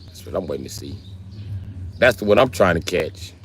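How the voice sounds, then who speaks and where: A man hosting a livestream, chatting casually and telling stories in a profane, animated way. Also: low-pitched, brisk, slight background noise. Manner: profane, animated storytelling with voiced asides. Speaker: livestream host.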